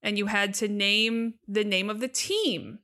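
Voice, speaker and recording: Bright-voiced chatty woman co-host. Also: medium pitch. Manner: eager, chatty, quick asides. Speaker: podcast co-host. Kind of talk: casual chat.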